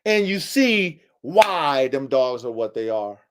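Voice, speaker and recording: A man's voice: mid-range voice, sing-song, slow, noisy background. A man hosting a livestream podcast, lecturing his listeners in an emphatic, preachy way, repeating himself and using casual slang. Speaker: podcast host.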